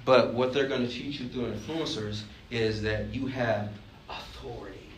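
A man's voice: mid-range voice, steady tone, moderate pace, a little hiss or hum. A man from Alabama, preaching a sermon as pastor, emphatic and joking, asking the congregation questions. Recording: roomy, distant mic, faint ambience.

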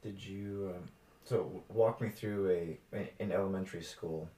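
A man's voice: deep voice, steady tone, normal speed, warm tone. A man interviewing an older relative for an oral history, asking probing questions and rephrasing them as he goes. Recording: echoey room.

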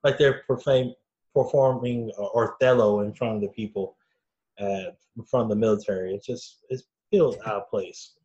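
A man co-hosting a casual movie review chat, relaxed and a little hesitant. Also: lowish voice, normal speed, dull audio. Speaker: podcast co-host.

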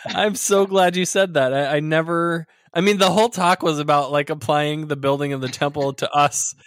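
A man hosting a casual religious discussion, speaking thoughtfully and often pausing on fillers. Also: on the high side, fairly even intonation, fairly bright tone, smooth, no room sound, studio quality. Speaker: podcast host.

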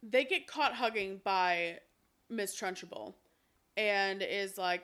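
A woman co-hosting a podcast, chatting casually as she recaps a film, telling it in an animated way and swearing freely. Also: medium pitch, slow. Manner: animated storyteller, acts out characters' lines. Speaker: podcast co-host.

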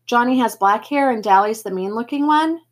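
A woman's voice: fairly high pitch, normal speed, close to an everyday voice. A frightened teenage boy speaks weakly but tries to sound tough, as a woman reading aloud puts him on. His words come out shaken and unsure. It sounds like a storybook being read aloud. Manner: weak, shaken, a little tough. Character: scared, hoarse teenage boy narrator.

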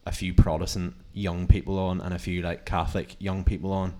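A man's voice: sits low, flat delivery, a little fast, warm tone. A young man with a Northern Irish accent, chatting casually on a podcast and rambling with lots of fillers. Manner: rambling, many fillers, acts out quotes. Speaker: podcast co-host. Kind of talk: casual chat.

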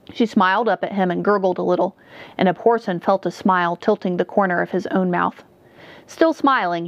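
A woman narrates a dark fantasy tale in a measured, steady storytelling manner. The recording is dull and dry, close with no room echo. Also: medium pitch. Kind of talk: audiobook narration.

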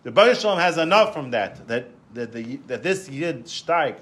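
A man giving a Torah lecture, telling stories in an animated way, often repeating words and restarting. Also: on the high side, normal speed. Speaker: Torah class teacher.

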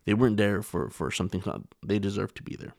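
A man's voice: fairly low pitch, fast, vocal fry, a little mellow, no room sound, clean studio sound. A man co-hosting a podcast, talking earnestly in a casual discussion, often restarting his phrases. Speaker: podcast co-host.

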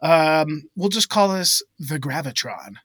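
A podcast co-host with a fairly high-pitched voice takes his time telling a funny story amid plenty of laughter. He's animated, laughs often, and acts out voices in the tale; the recording is dry and studio quality.

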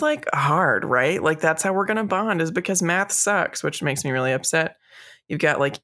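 A woman's voice: low-pitched, fairly bright tone. A woman co-hosting a casual chat, running through lists with the odd swear word. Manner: chatty, runs through lists with light swearing. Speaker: podcast co-host.

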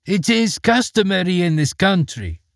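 A man voicing a quick-witted young wife who speaks smoothly and calmly, in a storybook reading. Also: high voice, no room sound, clean studio sound, pitched above the performer's own voice, exaggerated voice. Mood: calm, cunning.

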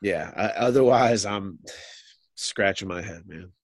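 A man's voice: sits low, measured pace, dry recording, studio quality. A man co-hosting a casual sports talk show, musing and thinking aloud with frequent restarts.

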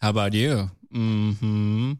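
A man's voice: lowish voice, steady tone, takes it slowly, darkish tone, clear, resonant tone. A man co-hosting a casual chat, dropping short teasing quips and interjections. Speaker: podcast co-host.

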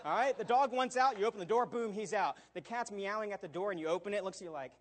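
A middle-aged male pastor giving an animated sermon, often checking in with "all right?" and acting out quotes. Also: sits high, fast talker. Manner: animated preaching with repeated "all right?" asides and acted quotes.

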